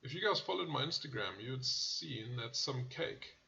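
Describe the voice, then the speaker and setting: A man's voice: mid-range voice, lively intonation, normal speed, gravelly, pushed and bright, dull audio. A man hosting a car channel, casually reviewing car ads in a blunt, profane way that often turns into rants. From South Africa.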